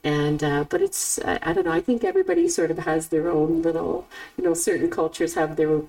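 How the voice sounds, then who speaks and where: A middle-aged woman hosting a podcast in casual chat, animated and laughing often. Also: sits low, a little fast, far from the mic, rough recording. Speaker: podcast host and author.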